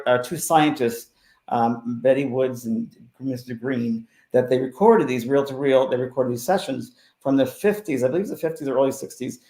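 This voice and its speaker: Gravelly-voiced man telling stories. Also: mid-range voice. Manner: animated storyteller who swings between loud and hushed. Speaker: spiritual medium, guest. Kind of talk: casual storytelling interview. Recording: roomy echo.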